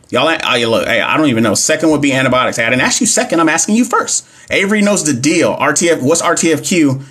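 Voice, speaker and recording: A man with a slightly high, husky voice runs a phone livestream lesson on nursing exam questions. He is animated and talks straight to his chat. He hammers his points by repeating them. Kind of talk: livestream teaching. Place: home livestream.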